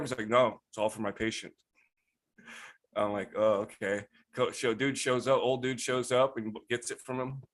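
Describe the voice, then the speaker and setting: A man telling stories in a casual, profane, animated way, often laughing, as a guest on a podcast. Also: medium pitch, normal speed. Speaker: guest grower. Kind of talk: casual storytelling.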